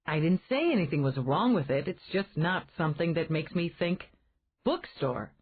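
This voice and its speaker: A woman's voice: fairly low pitch, expressive, moderate pace, husky. A woman voicing a dry, teasing grown man. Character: wry self-assured grown man, teasing old friend. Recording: tinny phone-like band.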